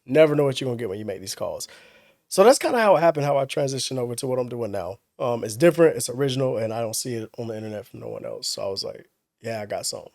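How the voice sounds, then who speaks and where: A young man telling stories in casual chat as a podcast guest, relaxed and full of slang. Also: medium pitch, racing, gravelly, no echo, studio quality. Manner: laid-back slang-heavy storytelling, laughs often.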